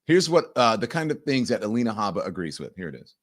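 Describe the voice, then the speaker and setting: A man's voice: fairly low pitch, fast. A man hosting a live news show and commenting on the day's stories. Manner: animated, mimics people in quoted voices. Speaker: show host.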